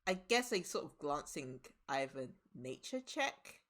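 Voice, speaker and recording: A woman's voice: sits low, sing-song, measured pace, fairly bright tone. A woman narrating as game master of a tabletop game, rambling with many fillers and restarts.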